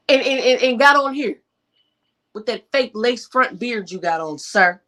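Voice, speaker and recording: A woman's voice: on the high side, lively intonation, a little slow, sharp tone. A woman on a live stream panel in casual chat, teasing and roasting another caller in a sassy way.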